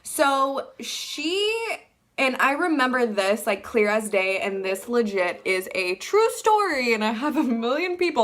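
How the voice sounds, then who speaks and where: Bright-voiced woman telling a story. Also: on the high side, unhurried. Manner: animated, fillers like "like" throughout, acts out quotes. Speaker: vlogger. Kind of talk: casual storytelling.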